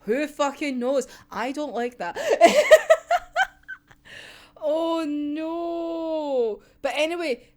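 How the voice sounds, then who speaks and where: A woman reacting to a manga chapter in casual, animated chat, swearing freely and laughing often. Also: high voice, extremely slow, very noisy.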